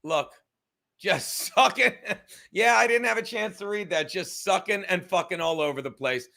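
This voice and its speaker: Man, young, comedian host, high voice, bright edge, profane, rambling, at home. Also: normal speed, vocal fry. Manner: profane, rambling, self-mocking. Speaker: comedian and sports show host. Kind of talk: casual livestream rant. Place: his apartment.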